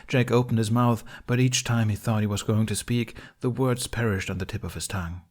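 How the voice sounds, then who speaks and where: A man narrating a fan fiction audiobook in a steady, measured storytelling voice. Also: fairly low pitch. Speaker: audiobook reader.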